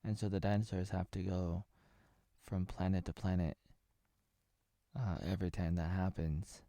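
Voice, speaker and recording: A man's voice: low-pitched, flat delivery, moderate pace, mellow, dry recording, studio quality. A man in his thirties from Oregon, casually recapping a TV episode in a meandering way, full of filler words and jokey asides. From Oregon, USA. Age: 30s. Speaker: TV episode reviewer.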